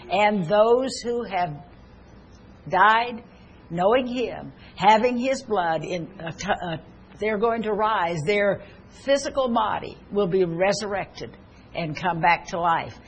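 A woman's voice: mid-range voice, slow, slight background noise. An older woman preaching a sermon in an earnest, personal way, mixing scripture with stories from her own family.

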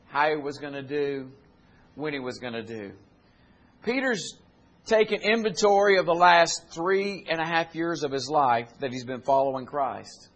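A man preaching a sermon, retelling scripture in plain folksy speech and building to loud, climbing exhortation. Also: fairly high pitch.

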